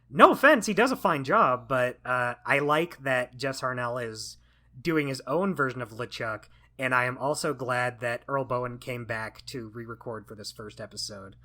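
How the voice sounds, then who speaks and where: Bright-voiced enthusiastic man chatting. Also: mid-range voice. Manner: enthusiastic and opinionated, full of fillers like "like". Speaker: podcast co-host. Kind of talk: casual chat.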